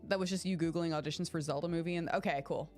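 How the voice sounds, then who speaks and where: Young woman streamer, getting over an illness, excitable and foul-mouthed, calls out chat members by name; light music bed. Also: on the low side, very fast. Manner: excitable, swears freely, talks to chat by name. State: recovering from illness. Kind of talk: casual live-stream chat.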